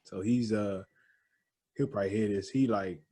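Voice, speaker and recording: Husky laid-back podcast co-host man. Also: on the low side, moderate pace. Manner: laid-back, animated storytelling with slang. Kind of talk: casual chat.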